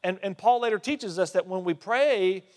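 Male pastor, sermon, fairly high voice, long church reverb, swings from loud to hushed. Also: moderate pace. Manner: preaching with emphatic rises and hushed drops.

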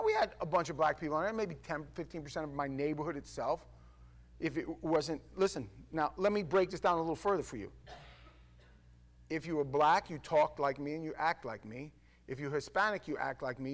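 New guy ranting casually to camera, kinda high voice, stumbles over his words a lot. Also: moderate pace. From New York. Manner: animated storytelling with stammered restarts.

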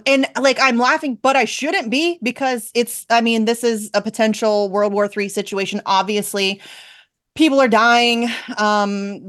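A young woman hosting a political talk show, ranting animatedly in exasperation. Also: mid-range voice. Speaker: show host. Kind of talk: political commentary chat.

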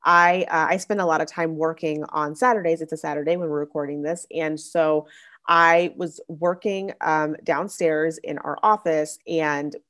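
Young woman, podcast host, casual chatty monologue, lots of "like" fillers, a bit low-pitched. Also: steady tone, moderate pace, a bit bright. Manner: chatty, many "like" fillers and restarts. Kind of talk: casual faith-based parenting monologue.

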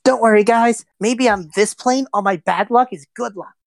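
A woman's voice: fairly high pitch, normal speed, creaky, no room sound, clean studio sound, pitched above the performer's own voice. A woman voicing a hopeful, unlucky young man in a tabletop game, upbeat and reassuring.

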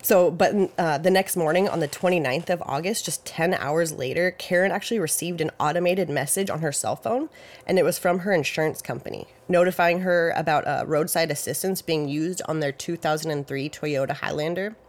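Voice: medium pitch, brisk. A podcast host casually retelling a true-crime case, talking loosely with lots of "like" and "you know" and hedging details with "I think" and "I believe". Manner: hedges facts with "I think" and "I believe".

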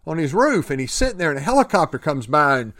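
A man's voice: a little high, very animated, quick pace, a bit bright, no echo, studio quality. A man giving an earnest motivational talk about prayer and recovery, often repeating words and restarting sentences. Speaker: speaker sharing faith and recovery.

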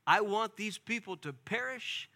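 A man's voice: high-pitched, lively intonation, measured pace, vocal fry, pushed and bright, exaggerated voice. A man voicing an angry, resentful male prophet who complains to God in prayer and asks to die. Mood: bitter. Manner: impassioned, complaining, exasperated. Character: bitter resentful male prophet praying in anger.

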